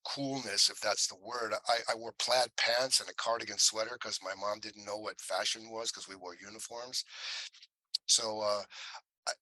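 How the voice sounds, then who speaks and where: A man with a low-leaning voice and a strikingly bright, forward tone tells stories on a podcast. He talks animatedly and slips into quick impressions of people he has met. The sound is dry and close. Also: no echo, rough recording. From Cleveland, US. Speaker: actor guest. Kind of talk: podcast interview storytelling.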